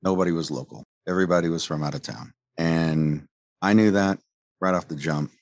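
Male, former medic, bass voice, heated profane storyteller, dry mic. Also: brisk, no room sound. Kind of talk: angry personal account.

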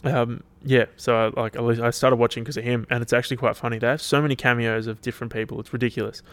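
Tired and yawning, an Australian man hosts a solo podcast, rambling casually and swearing freely. His mid-range voice stays level at a quick pace. No room sound is present.

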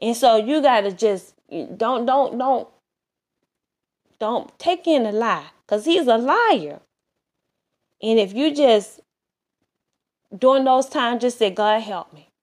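A woman's voice: fairly high pitch, animated, slow, long pauses. A woman preaching a sermon, urging listeners earnestly, repeating herself and restarting phrases as she goes. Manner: earnest, repetitive exhortation with many restarts.

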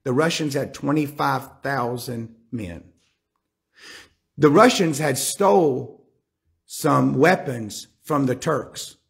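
A man's voice: mid-range voice, takes it slowly, vocal fry. A man preaching a sermon, retelling scripture and acting out the characters' words with rising intensity.

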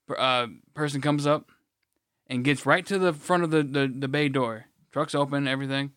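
A man's voice: mid-range voice, fairly even intonation, moderate pace, fairly bright tone, clear, resonant tone, no room sound, studio quality. A man co-hosting a podcast, telling a rambling, blunt story in casual chat, swearing freely and restarting his sentences. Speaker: podcast co-host.

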